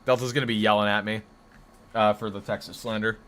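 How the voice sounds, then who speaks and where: A man from the northeastern United States chats casually on a live stream. His voice is bright and forward, and he rambles and corrects himself as he reacts to chat messages. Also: fairly low pitch, fairly even intonation, a little fast.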